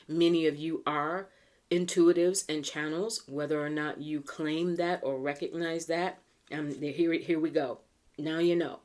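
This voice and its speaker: A low-pitched American woman talks through a pick-a-card tarot reading. She is chatty and earnest and slows down whenever she reads a card aloud. She clears a tickly throat from time to time. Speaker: tarot reader.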